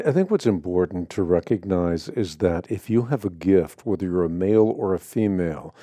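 A man hosting a radio call-in show, speaking in a measured, deliberate way with frequent filler sounds. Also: sits low, mellow, no room sound, studio quality.

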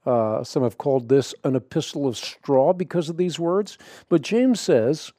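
Deep-toned man teaching on radio. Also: dark tone, dry recording, clean studio sound. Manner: measured, emphatic, with frequent fillers and restarts. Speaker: radio show host answering Bible questions.

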